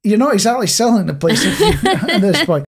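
A man's voice: sits high, very animated, fairly quick, slightly rough. A Scottish man co-hosting a podcast, chatting casually and teasing his co-host with quiz questions. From Scotland. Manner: joking, teasing quizmaster. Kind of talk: casual chat. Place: home recording in Nottinghamshire.

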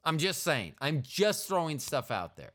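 A man's voice: fairly high pitch, very animated, unhurried, a bit bright. A middle-aged man hosting a podcast, rambling and joking in casual chat. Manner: rambling, jokey, playful. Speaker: podcast host.

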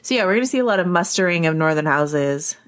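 A woman co-hosting a casual podcast discussion, animated and chatty, with quick asides. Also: fairly low pitch. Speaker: podcast co-host.

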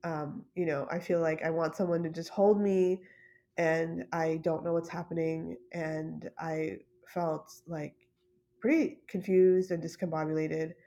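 Casting note: woman, low and even-toned, soft and halting, personal storytelling with many fillers. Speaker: podcast host.

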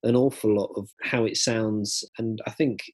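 Husky man musing on a podcast. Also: lowish voice, steady tone, normal speed. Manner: rambling, hedging, lots of "kind of" and "I mean". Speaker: podcast co-host. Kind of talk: casual chat.

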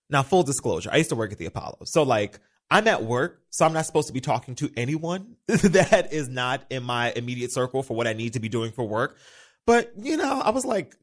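Lively, chatty young man hosting a podcast. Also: medium pitch, brisk. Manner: animated, chatty, swears freely, quotes himself in little voices. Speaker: podcast host. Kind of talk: casual solo podcast chat.

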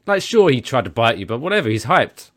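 A man's voice: mid-range voice, sing-song, brisk. A man in his thirties chatting casually on a podcast, playful and jokey. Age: 30s.

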